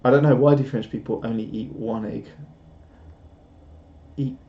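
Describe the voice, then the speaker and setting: A man's voice: medium pitch, steady tone, moderate pace. A man chatting casually on a live stream, rambling and self-deprecating as he reads out viewer comments. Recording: dull lo-fi stream audio.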